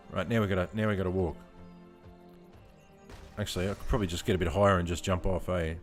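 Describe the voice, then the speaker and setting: A man streaming a game from home, chatting and laughing with his viewers as he plays. His voice sits fairly low, with faint music playing underneath. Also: steady tone, fast talker, long pauses. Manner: laughs often, chats to viewers while playing. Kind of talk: casual live-stream chat. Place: home room.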